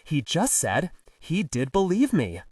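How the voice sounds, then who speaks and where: A short, wiry porter gossips in a chatty, animated way in an audiobook, voiced by a male narrator. His delivery swings lively in pitch, a touch higher than plain reading. The sound is dry and set back from the mic. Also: a little slow, husky, no echo, recorded from a distance, exaggerated voice. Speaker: college porter.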